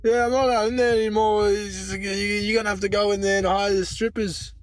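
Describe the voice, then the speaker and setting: A man's voice: high voice, flat delivery, fairly quick, faint music behind, lightly acted. A man voicing a brash male cartoon skeleton ringleader, swaggering and swearing. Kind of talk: cartoon voice acting.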